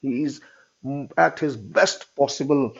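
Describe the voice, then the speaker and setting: A man's voice: medium pitch, a little slow, gravelly, breathy edge. A male teacher, retelling a story to his class in his own words and often checking in with "all right?". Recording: dull lo-fi recording.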